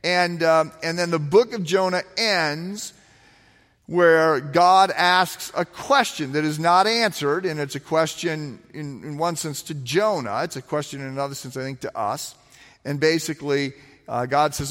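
A man giving a sermon, retelling a scripture story in a conversational, animated way with rhetorical asides. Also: on the high side, a little slow. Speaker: pastor. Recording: long hall reverb.

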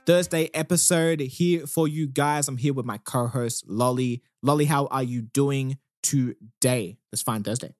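A man's voice: mid-range voice, unhurried, few pauses, no room sound, studio quality, faint music behind. Easygoing man podcast host. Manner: easygoing, walks through news stories. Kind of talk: casual podcast chat.

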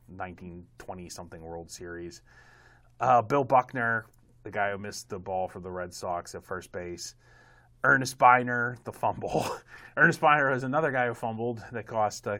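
Podcast co-host, male, lower register, loose and self-amused, lots of fillers. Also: bright, forceful tone. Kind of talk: casual sports podcast chat.

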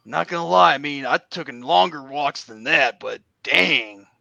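A gruff, drawling pro-wrestler figure, in a comedic impression. The voice sits high and bright with heavy grit throughout. The recording is dry and close. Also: male voice, normal speed, dry recording, muffled recording, heavily acted. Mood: musing. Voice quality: gravelly, drawling. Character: gravelly, intense older male pro wrestler. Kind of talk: comedic impression role-play.

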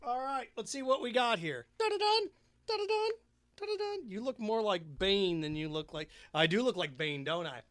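A man's voice: high-pitched, moderate pace, hardly any pauses, fairly bright tone, slight background noise. A man hosting a podcast, chatting casually and jokingly while mixing a drink, humming along as he goes. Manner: jokey and rambling, hums and sings along. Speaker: podcast host.

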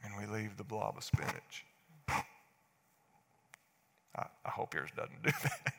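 A man in his forties preaching a sermon, swinging from hushed asides to loud outbursts. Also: fairly low pitch, unhurried, gravelly, breathy edge. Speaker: pastor. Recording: echoey hall.

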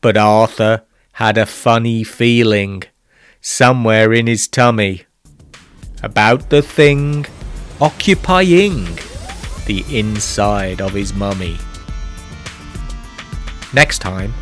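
A man's voice: fairly low pitch, takes it slowly, pauses often, a bit bright, soft background music. A man narrating a rhyming children's story with a weary, exasperated patience.

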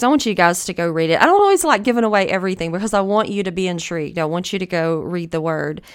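A woman's voice: medium pitch, smooth. A woman host giving a conversational devotional Bible teaching, earnest and encouraging, often thinking aloud.

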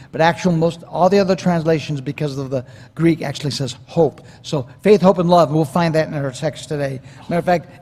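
A man preaching a verse-by-verse sermon as pastor, swinging from emphatic lines into quiet asides. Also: fairly high pitch. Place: church sanctuary. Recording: long hall reverb.

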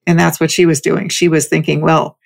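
A woman's voice: deep voice, flat delivery, fairly quick, vocal fry. A woman speaking as a counselor, telling a story in a casual, conversational way and often restarting her sentences. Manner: frequent restarts and repeated words.

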